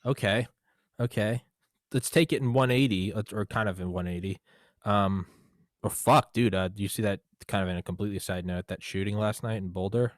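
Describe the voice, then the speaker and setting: A man's voice: on the low side, fairly quick, dry recording, studio quality. An American man hosting a podcast, talking casually in a rambling, jokey way with a lot of swearing. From United States. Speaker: podcast host.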